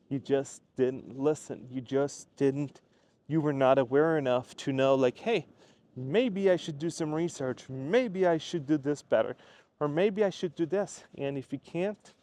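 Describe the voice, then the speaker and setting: A man's voice: on the high side, darkish tone. A man talking casually in a walking vlog outdoors, earnest and rambling, often repeating himself. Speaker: YouTube creator. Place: outdoors on a walk.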